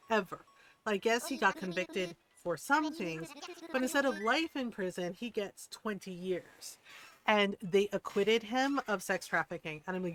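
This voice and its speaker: A woman streamer chatting casually on a gaming livestream, telling stories with lots of swearing and acting out what other people said. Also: medium pitch. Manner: animated storyteller, swears freely, acts out what people said.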